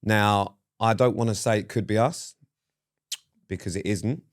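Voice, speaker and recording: A British man with a somewhat low voice, talking into a podcast mic. He is dry and teasing, needling his co-host and steering the chat along. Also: unhurried. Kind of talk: casual chat.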